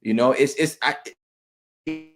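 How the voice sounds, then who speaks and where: A man talks through his work as an actor in an unhurried, casual way. He circles back and restarts his sentences, and he often laughs lightly between thoughts. His voice sits at an ordinary pitch for a man. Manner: relaxed, many restarts and repeated words, laughs often. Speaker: actor and guest. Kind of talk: casual interview chat.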